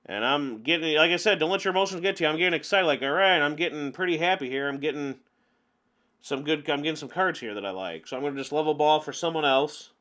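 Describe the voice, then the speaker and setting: A man giving casual gameplay commentary on a card game, chatty and openly venting his frustrations with animated outbursts. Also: on the high side, fast talker. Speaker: gaming channel host.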